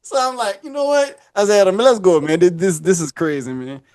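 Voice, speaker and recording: A man's voice: high-pitched, a little fast, darkish tone, no room sound. A man telling a long story casually on a podcast, acting out the voices and laughing often.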